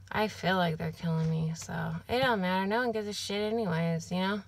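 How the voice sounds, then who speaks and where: Gravelly young woman venting to camera. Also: medium pitch, normal speed, dry recording. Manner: rambling, venting, heavy swearing, filler-laden. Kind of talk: casual talk to camera. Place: apartment.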